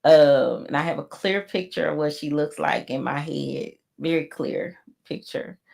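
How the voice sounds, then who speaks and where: A woman co-hosting a podcast, giving a slow, reflective, faith-based closing message with many pauses. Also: low voice, vocal fry, a little mellow. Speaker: podcast co-host.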